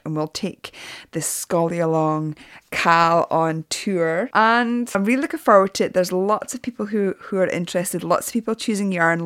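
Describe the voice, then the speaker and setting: Woman, podcast host, low voice, dry close sound, chatty. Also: dry recording. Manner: warm chatty, laughs often, small fillers. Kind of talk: casual podcast monologue.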